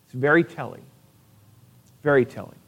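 A man's voice: mid-range voice, normal speed, lo-fi sound. A man pastor preaching a sermon in a church, earnest and conversational, with frequent restarts. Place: church sanctuary.

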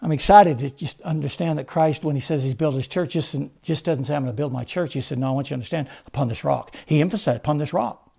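Gravelly fervent male preacher. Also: fast talker, few pauses. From United States. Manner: swells from loud fervent preaching to low quiet emphasis. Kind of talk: sermon.

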